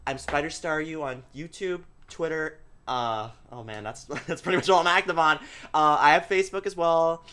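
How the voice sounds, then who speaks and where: A man hosting a casual podcast chat, animated and quick to laugh. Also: fairly high pitch, clean tone. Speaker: podcast host.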